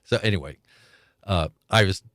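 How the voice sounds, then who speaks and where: A man's voice: deep voice, normal speed, no room sound, clean studio sound. An older man, a podcast guest, telling stories with laughs, acting out the voices of people he quotes. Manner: animated storyteller, laughs often, acts out quoted voices. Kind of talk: storytelling interview.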